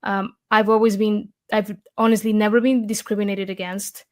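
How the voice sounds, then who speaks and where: A woman's voice: mid-range voice, little pitch movement, normal speed, darkish tone. A woman from Argentina with an Argentine Spanish accent, a guest in an interview, telling a story eagerly with many fillers and restarts.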